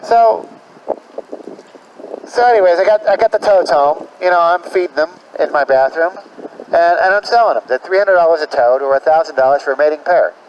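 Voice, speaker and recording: A man performs stand-up outdoors with faint traffic in the background. His voice sits a little high, and his delivery is halting, full of repeats and "like" fillers. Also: lively intonation, dull audio. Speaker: stand-up comedian. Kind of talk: rambling stand-up storytelling. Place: outdoors on the street or in a parking lot.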